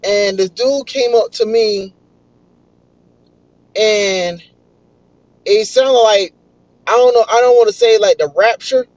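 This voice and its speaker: A young man, excitedly telling a story in casual vlog style. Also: high-pitched, slow pace, long pauses, no room sound. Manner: excitable, animated retelling. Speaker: vlogger. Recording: dull, lo-fi dry recording.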